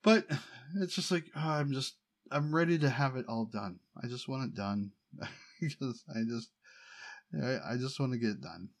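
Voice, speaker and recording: A man's voice: mid-range voice, animated, moderate pace. A middle-aged man from the United States in a casual personal monologue, rambling and wryly complaining. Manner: rambling, wry, exasperated complaining with laughs.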